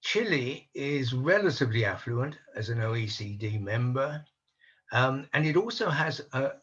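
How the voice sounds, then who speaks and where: Older man, husky tone, measured skeptical panel talk, muffled video call sound. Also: mid-range voice, a bit bright. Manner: measured, analytical, openly skeptical. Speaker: panel speaker on housing policy. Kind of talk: online conference talk.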